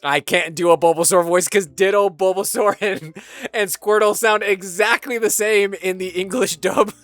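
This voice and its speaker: A man's voice: high voice, steady tone, moderate pace, a bit bright, no echo, soft background music. A man chatting casually while playing a game, laughing at himself, his throat strained. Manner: chatty, laughing, self-deprecating. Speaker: game streamer. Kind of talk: casual gameplay commentary.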